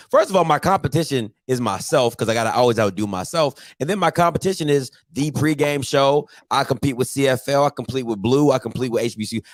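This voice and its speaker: A man's voice: fairly high pitch, no room sound. A man hosting a live call-in show, talking in a casual, boastful and slangy way. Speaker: show host.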